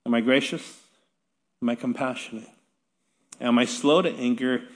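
A man's voice: mid-range voice, moderate pace. Conversational pastor, man in a reverberant hall. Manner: conversational, self-deprecating humor with light laughs. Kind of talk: sermon.

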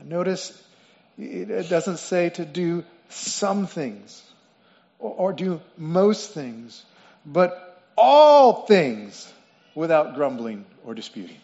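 A man's voice: on the high side, lively intonation, takes it slowly, gravelly, a little mellow. A man preaching a sermon, explaining word meanings and repeating phrases for emphasis. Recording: dull lo-fi sound with long reverb in a hall.

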